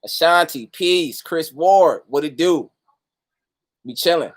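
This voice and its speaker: Man, fairly high voice, casual stream host, slangy and profane, shout-outs to viewers. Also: slow pace. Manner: loose, profane, street slang, greets viewers by name. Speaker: host of a livestream talk. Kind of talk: casual livestream talk.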